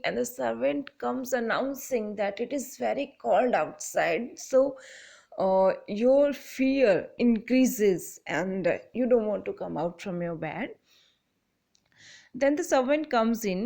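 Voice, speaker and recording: A woman lecturer, slowly explaining a literary text, often repeating and rephrasing. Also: fairly high pitch, expressive, gravelly, dark tone. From India. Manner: slow, repeats and rephrases, reads passages aloud. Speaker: English lecturer.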